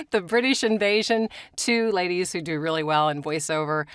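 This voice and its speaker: A woman's voice: lowish voice, steady tone, normal speed, smooth, no room sound, clean studio sound. Bubbly female podcast co-host. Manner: bubbly, laughs easily. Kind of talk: casual podcast chat.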